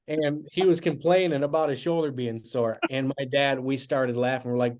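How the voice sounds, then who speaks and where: Young man telling animated stories. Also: mid-range voice, normal speed, few pauses. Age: 20s. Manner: animated storyteller with casual fillers. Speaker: guest musician. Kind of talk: storytelling interview.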